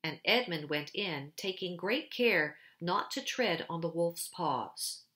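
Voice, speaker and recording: A woman reading a children's storybook aloud in a gentle, unhurried narration. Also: fairly low pitch, expressive. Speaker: storybook reader.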